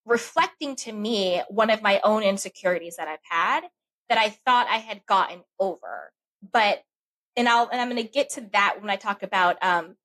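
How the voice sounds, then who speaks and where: A woman guest talking about self-love as a coach in a conversational interview, telling stories in an animated, emphatic way. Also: mid-range voice, rough recording. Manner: animated storytelling, expressive and emphatic.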